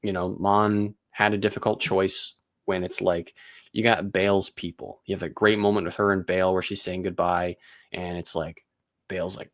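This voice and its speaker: A man's voice: low-pitched, level tone, unhurried, a bit bright, no room sound. Man reviewing a series, dry close sound. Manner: analytical, talks in long explanations. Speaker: podcast host. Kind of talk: casual review discussion.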